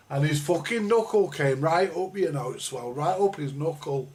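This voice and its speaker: A man's voice: a little high, lively intonation, a little fast, hardly any pauses, darkish tone. Profane rambling man telling stories. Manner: profane, meandering storyteller with many restarts. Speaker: livestream host. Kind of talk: rambling anecdote on a live chat.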